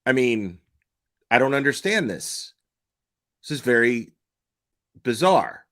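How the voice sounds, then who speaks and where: Speaking slowly in a medium-pitched, very animated and slightly bright voice, a man offers casual true crime commentary. Skeptical, he stumbles over restarts, fires off rhetorical questions, and acts out quoted dispatcher questions.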